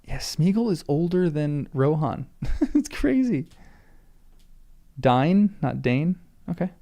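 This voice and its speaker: A man's voice: fairly high pitch, big pitch swings, unhurried, vocal fry, dark tone. A man reading a book aloud for the first time, stumbling over names and stopping to muse about pronunciation.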